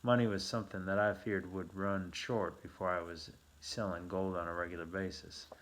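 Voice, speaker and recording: A man reading a novel aloud as a first-person narrator, with a measured, steady delivery. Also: low-pitched. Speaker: audiobook narrator.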